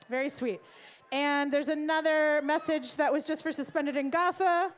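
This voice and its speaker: High-voiced woman hosting a live show. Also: fairly quick. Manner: playful, energetic, shouts to the crowd. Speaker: event host. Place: live music venue.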